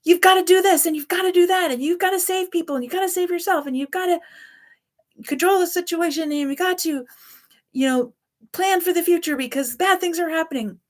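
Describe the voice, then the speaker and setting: A woman voicing trauma as a scared little child, shouting urgent demands. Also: very high-pitched, a little fast, pitched above the performer's own voice. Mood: frantic, urgent.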